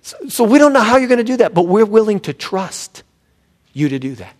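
A pastor preaching a sermon, animated and swinging from loud emphasis to hushed tones. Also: male voice, sits high, a little fast.

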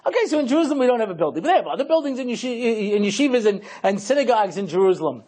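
Husky-voiced rabbi telling stories. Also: male voice, extremely high pitch, sing-song, racing, a little mellow. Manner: storytelling with lots of you-know asides. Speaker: rabbi, lecturer. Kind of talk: humorous Torah lecture.

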